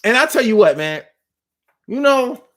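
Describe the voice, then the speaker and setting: A man's voice: very high voice, very animated, unhurried, fairly bright tone. A man hosting a casual livestream talk, ranting bluntly and profanely in slangy street talk while reading viewer comments. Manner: blunt, profane, preachy rant.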